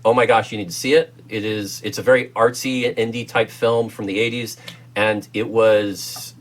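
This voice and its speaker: A man's voice: fairly low pitch, flat delivery, normal speed. A man with an American accent reviewing a film as co-host, enthusiastic and rambling with lots of fillers and restarts. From United States. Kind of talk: casual film review chat.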